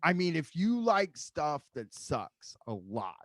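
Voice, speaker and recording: A man's voice: a little high, huge pitch swings, takes it slowly, no room sound. A man hosting a podcast in casual chat, rambling and swearing with amusement. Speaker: podcast host.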